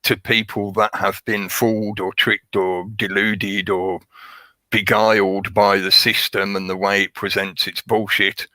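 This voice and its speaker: A man's voice: lowish voice, little pitch movement, a little slow, pushed and bright, no echo. A man hosting a livestream, rambling through a conspiratorial monologue and greeting his chat. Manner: rambling, conspiratorial, chuckles at his own jokes. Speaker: livestream host.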